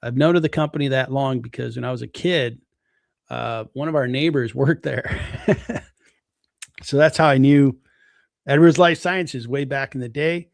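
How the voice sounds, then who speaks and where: In a creaky, mid-range voice at normal speed, a man relaxedly talks through a company's stock valuation during a live stream, thinking aloud and using fillers. It's casual stock analysis, captured in dry, studio-quality audio.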